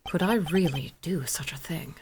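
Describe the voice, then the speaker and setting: A reserved male prosecutor speaks low and hesitantly, as a woman puts him on. He sounds quiet and uncertain. It is a game character read by a fan. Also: takes it slowly, heavy background noise.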